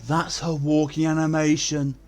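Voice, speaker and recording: This streamer's voice is a little high, a little mellow, and monotone, at normal speed. He chats casually with viewers as he plays a game, speaking bluntly and swearing a lot.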